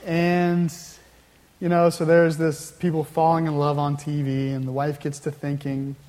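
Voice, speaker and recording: A man's voice: a little high, monotone, unhurried, a little mellow. A male pastor preaching a sermon in a conversational storytelling way, with wry asides. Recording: long hall reverb.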